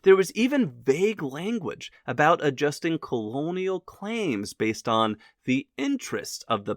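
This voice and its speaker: A male narrator reads a scripted history lesson with jokes and asides. His voice sits a little high and swings widely. The sound is dry and close. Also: dry recording. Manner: lively and wisecracking.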